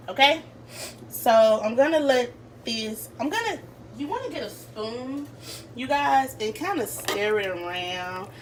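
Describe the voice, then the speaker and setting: A young woman, chatting through a home cooking tutorial and calling the viewers y'all. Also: on the high side. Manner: chatty, addresses viewers as y'all and you guys. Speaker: cooking vlogger. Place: home kitchen. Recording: slightly distant camera mic, faint room noise.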